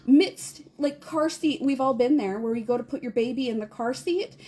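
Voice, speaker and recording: High breathy woman in her 30s, podcast cohost, animated storytelling, keeps laughing. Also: normal speed. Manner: animated, laughing, acts out quotes in a high squeal. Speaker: podcast co-host. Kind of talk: casual storytelling chat.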